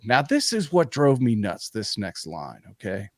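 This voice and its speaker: Profane, animated male podcast host. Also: fairly low pitch, normal speed, few pauses, no room sound, studio quality. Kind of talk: comedic storytelling.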